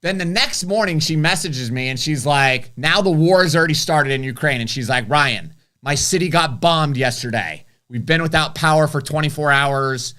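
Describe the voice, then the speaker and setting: A man's voice: a little high, normal speed, hardly any pauses, pushed and bright. A man co-hosting a casual live stream, telling stories candidly and swearing now and then. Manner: candid storytelling, mildly profane. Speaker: co-host.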